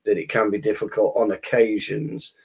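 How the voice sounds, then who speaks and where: Low-voiced hesitant man on a podcast. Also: level tone, moderate pace, vocal fry, over a noisy crowd. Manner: thoughtful, hesitant with many fillers. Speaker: podcast co-host. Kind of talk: casual football podcast chat.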